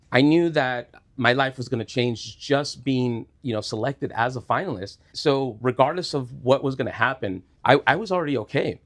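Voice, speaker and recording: A man being interviewed, telling a personal story in an earnest, halting way with many restarts. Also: medium pitch. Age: adult, former student. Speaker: interview guest.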